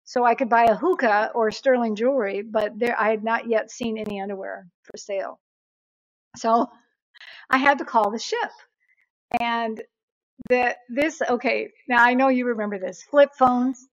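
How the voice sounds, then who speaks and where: A woman's voice: on the high side, normal speed, dry recording. A woman guest telling a travel story in a casual interview, acting out the voices of the people in it. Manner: animated, acts out voices in her anecdotes. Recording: dull, dry, lo-fi sound.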